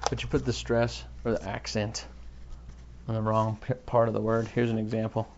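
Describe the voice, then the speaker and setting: A man's voice: fairly low pitch, dull audio. Podcast host, male, offhand and self-mocking, slight hiss under a home mic. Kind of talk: rambling solo podcast chat.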